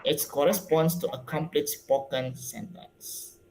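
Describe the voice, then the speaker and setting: A young man with an Indonesian accent giving a class presentation, explaining slowly with fillers and repeated words. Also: on the high side, fairly even intonation, very noisy. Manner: slow, halting explanation with fillers. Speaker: student presenter.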